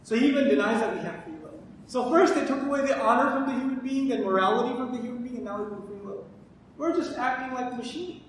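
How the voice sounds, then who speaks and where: Male Quran teacher, high voice, lecturing from a distance in an echoey hall with a faint rumble behind. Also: quick pace. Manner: asks questions and answers them himself.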